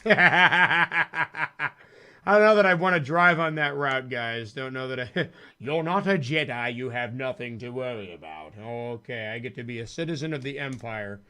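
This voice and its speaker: A man's voice: medium pitch, unhurried, sharp tone, clear, resonant tone. A man streaming a retro arcade game, joking and chuckling through casual commentary. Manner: jokey, chuckles often, drops into comic voices. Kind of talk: casual live-stream commentary over gameplay. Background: game music.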